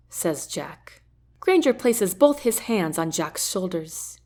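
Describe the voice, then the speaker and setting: Expressive woman reading a novel aloud. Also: lowish voice, slow. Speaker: audiobook narrator. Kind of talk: first-person novel narration.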